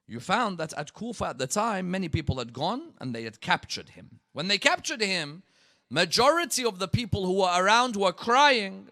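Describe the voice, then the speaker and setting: A man preaching a sermon, telling the story dramatically and swinging from hushed passages to loud, rising peaks. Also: sits high. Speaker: preacher at a religious gathering.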